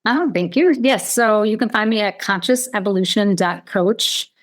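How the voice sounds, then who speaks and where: Woman healer guest, relaxed. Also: medium pitch, moderate pace. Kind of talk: casual interview chat.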